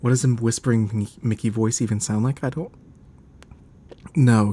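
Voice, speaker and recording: A man's voice: on the low side, unhurried, gravelly, long pauses, heavy background noise. A man streaming a game, chatting casually, laughing often and grumbling about the game.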